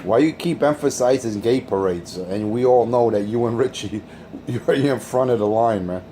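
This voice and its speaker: A man's voice: mid-range voice, normal speed, crowd noise. A man hosting a crude, taunting radio rant. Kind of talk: insult-heavy radio rant.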